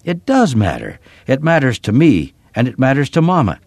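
A man voicing an earnest young girl who pleads with her father, lifting his voice higher for her. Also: wildly swooping pitch, normal speed, vocal fry, no echo, studio quality, heavily acted. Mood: pleading. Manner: earnest, pleading, rising to shouts.

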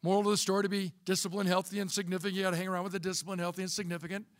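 A man's voice: sits high, level tone, very fast, dry recording. A middle-aged man telling a personal story in a folksy, conversational talk. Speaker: speaker, former bishop.

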